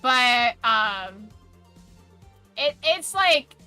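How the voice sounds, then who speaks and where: A woman streamer with a mild Southern American accent, chatting casually with her chat in a rambling way, her voice going a bit hoarse. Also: a little high, big pitch swings, drawn-out words, pushed and bright, soft background music. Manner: rambling, many "like" fillers and restarts.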